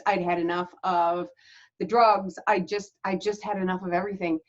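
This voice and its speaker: A woman hosts her own channel and tells her personal story with a frank, chatty openness, breaking into small laughs between lines. Her voice sits a little low for a woman. The recording sounds dull and lo-fi. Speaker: channel host.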